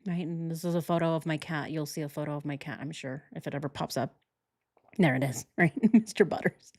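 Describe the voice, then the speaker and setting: A woman's voice: sits low, a little fast, darkish tone, no room sound, studio quality. A woman doing true crime reaction commentary, indignant and conversational, and often asking her viewers questions. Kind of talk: reaction commentary over video.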